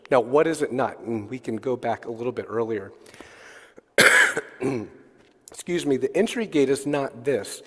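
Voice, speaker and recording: A man's voice: medium pitch, big-room sound. A man teaching a church conference session, asking the audience questions and answering them himself. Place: church hall.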